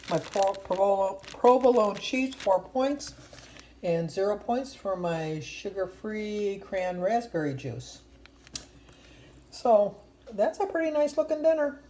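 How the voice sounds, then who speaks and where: A woman's voice: medium pitch, lively intonation, slow pace, mellow, slight background noise, poor audio. A woman chatting casually in a diary vlog at home, rambling and chatty with plenty of fillers. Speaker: vlogger.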